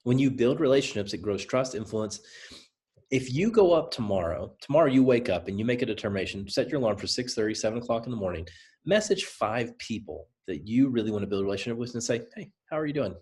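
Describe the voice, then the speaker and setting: A man with a Southern US accent gives a motivational talk to a team of sellers. His delivery is energetic and conversational, like a coach. He stays direct and drives each point home by saying it again, in a voice of ordinary middle pitch. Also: quick pace. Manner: direct, repeats points for emphasis. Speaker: presenter.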